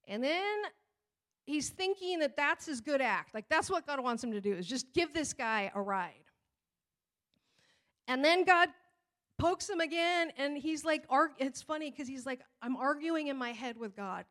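Middle-aged female pastor, animated storytelling sermon, slightly high pitch. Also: moderate pace. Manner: animated storytelling, acting out voices.

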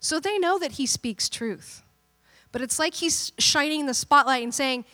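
A woman pastor preaching a sermon in a playful, animated way, acting out quotes and joking with the congregation. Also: sits high, unhurried.

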